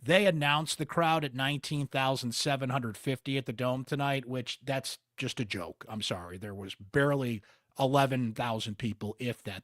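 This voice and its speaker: A male sports podcast host with a Central New York accent breaks down the game in a chatty, candid way, dropping wry asides. His voice sits in an ordinary middle pitch. The sound is dry and close, with no room around it. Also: a bit bright, no echo. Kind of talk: postgame sports analysis podcast.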